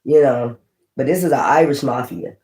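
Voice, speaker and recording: Woman doing a tarot reading, cussing, thinking out loud, echoey room. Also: very deep voice, moderate pace. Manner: blunt, profane, thinking aloud. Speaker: tarot reader. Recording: roomy echo.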